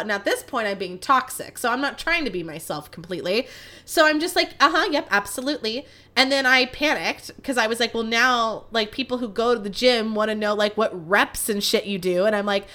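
Young woman, podcast host, casual profane storyteller, slightly high and bright voice. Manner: animated, profane, self-mocking.

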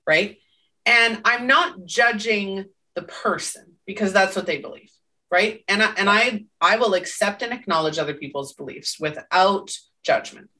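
A woman's voice: mid-range voice, unhurried, sharp tone, far from the mic. A woman co-hosting a casual podcast, talking emphatically and often ending her points with "right?". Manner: emphatic, tags statements with "right?". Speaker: podcast co-host.

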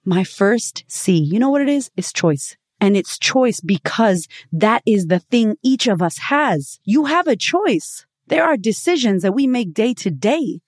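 A woman's voice: medium pitch, a little mellow, dry recording. Woman podcast host, cussing motivational pep talk, lots of rhetorical questions, dry close sound. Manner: blunt and profane, with frequent rhetorical questions; emphatic, swinging between punchy and drawn-out phrases.

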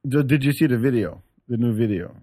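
A man's voice: mid-range voice, expressive, fairly quick, mellow. A male podcast host chatting casually, laid-back, joking and opinionated. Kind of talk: casual chat.

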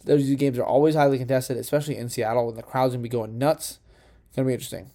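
Young male podcast host, mellow tone, rambling and profane, self-correcting, uneven home recording. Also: medium pitch, steady tone, fast talker. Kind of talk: casual solo sports podcast.

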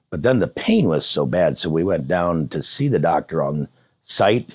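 Deep, husky-voiced man telling a story. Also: normal speed, no room sound. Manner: animated retelling, voicing both sides of remembered dialogue. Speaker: interview guest. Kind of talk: casual storytelling in conversation.

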